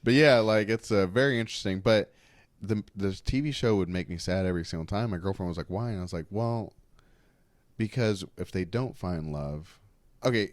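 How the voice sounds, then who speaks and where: A man co-hosting a podcast, telling stories in casual, animated, rambling chat. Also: deep voice, dry recording. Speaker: podcast co-host.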